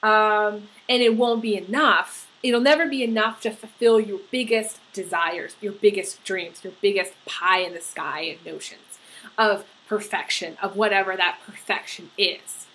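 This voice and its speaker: A woman's voice: medium pitch, a bit bright, low-quality recording. Earnest woman giving a tarot reading. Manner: earnest, halting, many fillers and restarts. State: getting emotional. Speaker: tarot reader.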